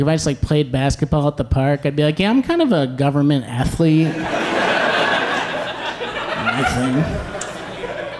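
A young man performing a stand-up comedy set, with a dry, wry delivery and quick asides, recorded live with audience laughter behind him. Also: a little high, darkish tone, slight background noise.

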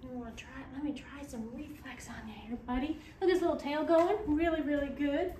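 A woman's voice: sits high, steady tone, a little fast, warm tone, a little hiss or hum. A woman who breeds dogs, talking through a puppy's temperament test and cooing at it in baby talk. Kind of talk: casual commentary while handling a puppy. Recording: echoey room, from a distance.

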